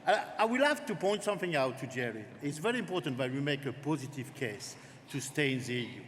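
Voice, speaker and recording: A man from France with a French accent, a native French speaker, giving a lively, direct political speech to a conference. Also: medium pitch, quick pace. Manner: warm-up jokes, lively and direct. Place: large conference hall. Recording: long hall reverb, faint noise.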